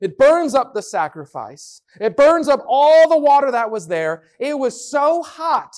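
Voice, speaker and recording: Lively woman telling a Bible story. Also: sits high, measured pace. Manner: lively, playful, lots of voices and sound effects. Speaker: children's Bible teacher. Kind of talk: animated storytelling lesson.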